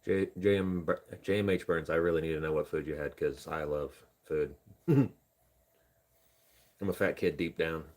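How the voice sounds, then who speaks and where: A man's voice: a bass voice, steady tone, normal speed, darkish tone. A young man from Indiana chatting casually on a live stream, rambling and joking at himself while talking to chat and his dog. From Indiana, USA. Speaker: livestreamer.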